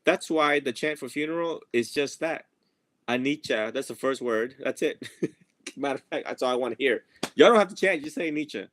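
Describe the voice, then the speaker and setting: A man's voice: medium pitch, moderate pace, fairly bright tone, no room sound. Casual monk guy teaching his group, jokey, acts out his students, dry close voice. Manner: playful, laughs often, mimics students. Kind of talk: casual dharma talk. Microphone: video or phone call.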